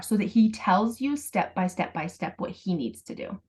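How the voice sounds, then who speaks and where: A woman's voice: mid-range voice, expressive, normal speed, a little mellow. A woman parenting coach on a video call, patiently explaining step by step and acting out sample phrases.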